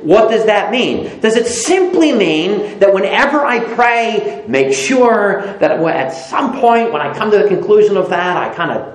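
A man's voice: high-pitched, expressive, unhurried, few pauses. A man preaching a sermon who reads scripture aloud and rises sharply on repeated, emphatic words. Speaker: pastor. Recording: echoey room.

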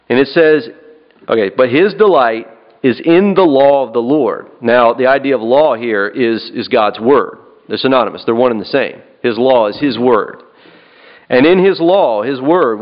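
Man, preacher, sermon, earnest, repeats phrases, mid-pitched voice, muffled lo-fi recording. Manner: earnest, repeats and restarts phrases, asks "right?". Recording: dull lo-fi recording.

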